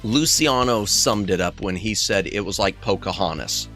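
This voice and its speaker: A man's voice: moderate pace, pushed and bright. A man streaming as a VTuber, chatting casually with his viewers in a rambling, self-correcting way, his throat strained. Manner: rambling, self-correcting, jumps to high squeaky exclamations. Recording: faint music behind the voice.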